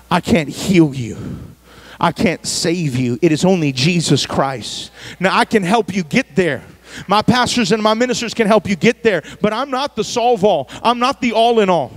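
A man pastor preaching a sermon at a church service, emphatic and fond of repeating his phrases. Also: high-pitched.

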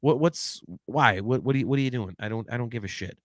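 A man co-hosting a podcast in casual chat, talking in an animated, rambling way with lots of restarts and swearing. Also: medium pitch, fast talker, no echo, clean studio sound. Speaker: podcast co-host.

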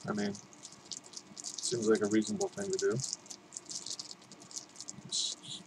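A man's voice: fairly low pitch, sing-song, slow pace, vocal fry, background noise. A man doing casual unboxing commentary, rambling, joking at his own expense, and swearing freely. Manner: rambling, self-mocking, swears a lot. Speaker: unboxing vlogger.

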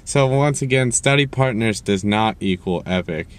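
A man's voice: fairly low pitch, expressive, normal speed. A young man ranting casually to camera, rambling and cursing as he jumps around in his story. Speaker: vlogger.

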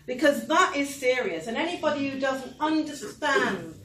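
A woman's voice: sits high, animated, normal speed, a bit bright. A woman giving an earnest speech at a political meeting, building her points with wry asides. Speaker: public speaker. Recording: echoey hall, mic from far off, faint noise.

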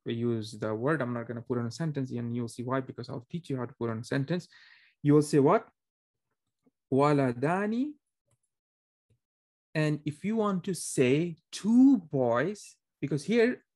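This man teaches a beginner Arabic class, his medium-pitched voice carrying a darkish tone. He explains things conversationally, with frequent restarts and fillers, and keeps asking students questions to check they understand.

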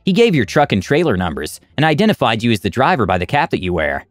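A man reading a gruff, cursing trucking boss. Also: medium pitch, wildly swooping pitch, quick pace, no echo. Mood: accusing. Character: bullying blustering male trucking boss.

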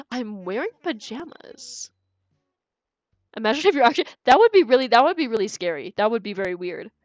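A young woman streams a video game, chatting casually with her chat and giggling as she plays, with faint game music behind her. Her voice is on the high side, very animated and very fast with few pauses. The recording has no echo and the highs are cut off.

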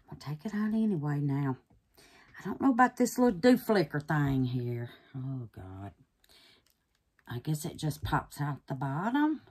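A woman's voice: on the low side, husky. A woman hosting a casual resin craft vlog. She is chatty and affectionate, calls her viewers babies and honey, and drops into nervous whispers while she works. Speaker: resin craft channel host.

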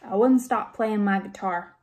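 A woman reading aloud and voicing a shy, lonely grown man who speaks softly and hesitantly in a storybook. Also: mid-range voice, unhurried, slight background noise, close to an everyday voice. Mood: confiding.

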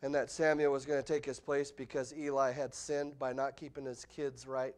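A middle-aged man preaching an expository sermon in a church, animated, with the voice leaping up when acting out quotes. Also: medium pitch, moderate pace. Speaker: pastor. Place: church sanctuary.

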